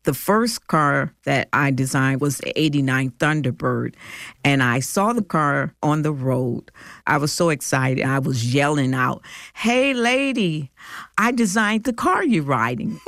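A woman in her sixties from Detroit, slowly and warmly recalling her life in a heartfelt personal story. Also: very deep voice, no echo, studio quality. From Detroit, USA. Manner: slow, heartfelt, reflective. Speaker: storyteller interviewed by family. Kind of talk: personal recollection.

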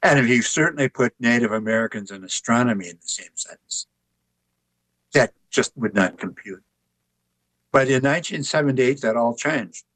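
An older man, an author and artist, telling relaxed anecdotes with wry humor in an interview. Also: mid-range voice, normal speed, dry recording, low-quality recording. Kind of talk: conversational interview storytelling.

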